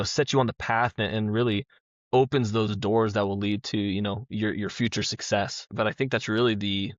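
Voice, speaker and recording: A man hosting an interview podcast who asks questions in measured, encouraging phrases. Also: on the low side, dry recording. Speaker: podcast host. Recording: dull, muffled audio.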